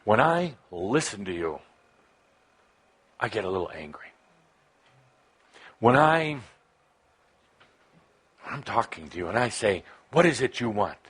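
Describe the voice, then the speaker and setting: A man with a slightly husky voice delivers a channeled spiritual talk to a live gathering. He speaks slowly, in short broken phrases with long pauses. He drifts from soft musing into emphatic, passionate urging. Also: on the low side, big pitch swings. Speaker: spiritual teacher addressing a live audience.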